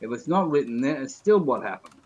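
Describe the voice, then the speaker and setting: A man's voice: mid-range voice, animated, a little fast, a little mellow, muffled recording. A man on a video call, chatting casually and joking his way through rambling stories. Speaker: guest.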